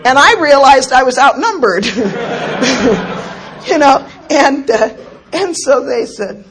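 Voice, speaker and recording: A middle-aged woman with a hoarse voice from a cold, giving a chatty, self-mocking recovery share at a meeting. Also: sits high, animated, takes it slowly, a crowd in the background, background noise. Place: meeting room with an audience.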